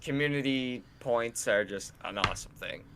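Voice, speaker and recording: A young man co-hosting a casual podcast, telling animated stories, acting out quotes and swearing freely. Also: medium pitch, moderate pace, noisy background. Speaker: podcast co-host and streamer. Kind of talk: casual chat.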